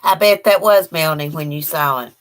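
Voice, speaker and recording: Appalachian kentucky lady chatting live from home, folksy, kinda low voice, laughs a lot. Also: brisk. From Eastern Kentucky. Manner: chatty and folksy, laughs often, talks to her dog. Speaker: livestream host. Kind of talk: casual live chat reading viewer comments.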